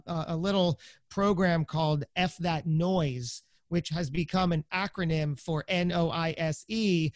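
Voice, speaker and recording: Brief: forties man, high voice, coaching guest, dry close sound, walks through steps. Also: dry recording. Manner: explains step by step, acts out inner thoughts. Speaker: podcast guest. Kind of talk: conversational coaching explanation.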